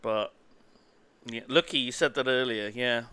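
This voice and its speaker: A man hosting a live stream in casual chat, excitable and quick to laugh. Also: mid-range voice, smooth. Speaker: streamer host.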